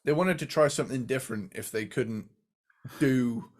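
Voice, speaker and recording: A man co-hosting a casual music ranking talk show, laid-back and quick to laugh, with lots of filler words. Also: medium pitch. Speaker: podcast co-host.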